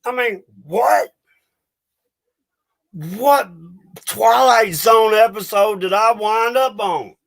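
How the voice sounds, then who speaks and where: High-voiced man ranting angrily. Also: takes it slowly, vocal fry, few pauses, a bit bright. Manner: agitated, ranting, swearing. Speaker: livestream host. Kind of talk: angry ranting livestream.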